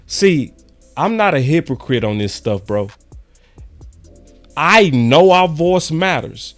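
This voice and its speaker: A man hosts his own sports talk channel, preaching to fans in a slangy, emphatic way that keeps circling back to the same points. His voice sits a bit high and swings widely in pitch as he presses each point. Faint music plays under him. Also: expressive, slow pace. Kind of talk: fired-up fan commentary monologue.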